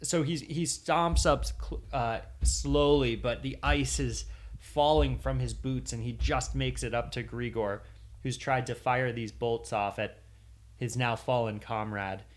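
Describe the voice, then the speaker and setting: Brief: mid-pitched male game master, halting and rambling, narrates combat for a stream. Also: steady tone. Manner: rambling, hesitant with many fillers.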